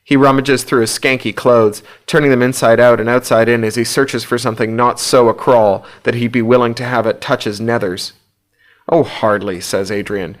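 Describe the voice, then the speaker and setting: A man narrating an audiobook in a steady, low-key storytelling voice. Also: brisk, few pauses. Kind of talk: scripted narration.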